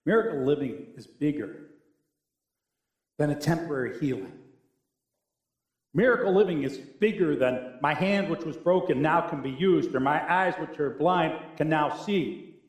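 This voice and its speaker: A male pastor preaching a sermon with animated, humorous storytelling. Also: on the high side, measured pace, pauses often. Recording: echoey room.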